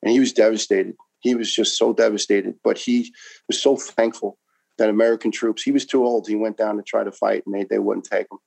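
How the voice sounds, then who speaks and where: A man's voice: on the low side, steady tone, brisk, vocal fry, a little mellow, rough recording. A man in his fifties from New York, a retired firefighter telling his story in an interview with passion, emphasis and frequent restarts.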